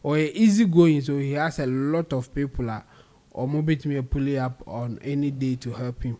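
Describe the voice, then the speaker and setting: A man with a Ghanaian accent, speaking haltingly on a talk-show panel. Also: mid-range voice, dark tone. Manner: halting, mixing English and Twi. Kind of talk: casual panel chat.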